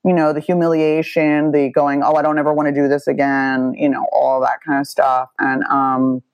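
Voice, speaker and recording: Blunt, gravelly-voiced woman author. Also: low-pitched, level tone, normal speed, no echo, lo-fi sound. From United States. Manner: blunt, self-mocking, swears freely. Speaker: memoir author and guest. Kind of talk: candid interview talk.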